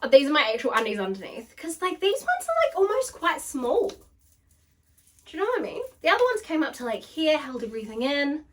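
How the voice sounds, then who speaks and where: Brief: young woman vlogger, bubbly and chatty, a touch high, recorded from across the room. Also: sing-song, a little fast, hardly any pauses, a bit bright, distant mic. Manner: bubbly, gushing, full of "like". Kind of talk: casual try-on haul chat.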